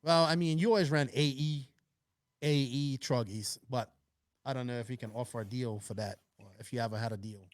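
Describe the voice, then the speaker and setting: A man's voice: mid-range voice, fairly even intonation, fairly quick, dry recording, clean studio sound. A man hosting a casual podcast, upbeat and chatty as he reads out listener questions. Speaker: podcast host.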